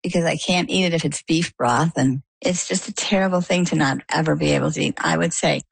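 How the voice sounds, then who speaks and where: A middle-aged woman from Maine, with a low, husky voice and vocal fry, talks fairly quickly in an interview. She animatedly tells a personal story, acting out what people said to her, in a rough recording with no echo.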